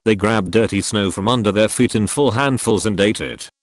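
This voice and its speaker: A man reading a historical novel aloud as an audiobook narrator, in a solemn, measured way. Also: lowish voice, no echo, studio quality.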